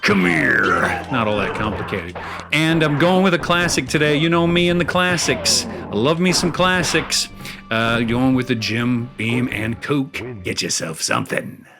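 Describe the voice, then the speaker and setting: A man's voice: medium pitch, expressive, measured pace, creaky, over music. A man hosting a casual show, chatting and rambling through fillers and small chuckles as he plays a video game. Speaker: host. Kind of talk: casual chat while playing a video game.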